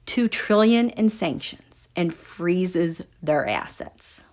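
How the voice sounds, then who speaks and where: Animated woman hosting a chatty livestream. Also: on the low side, takes it slowly. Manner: animated, emphatic, talks straight to her viewers. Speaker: tarot and astrology livestream host. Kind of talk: casual livestream chat reading viewer comments.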